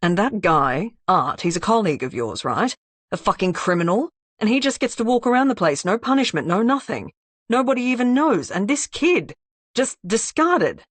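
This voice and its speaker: Brief: narrator doing a tough, foul-mouthed young woman in an audiobook, blunt and heated, low-ish voice. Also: sing-song, moderate pace, fairly bright tone, breathy edge, no room sound, full character voice.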